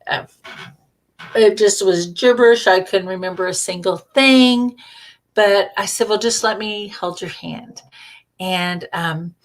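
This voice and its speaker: Chatty woman telling a story. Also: takes it slowly. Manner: chatty, acts out quoted dialogue with lively jumps in pitch; frequent fillers and self-corrections. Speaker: intuitive reader and energy healer. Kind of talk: casual livestream storytelling.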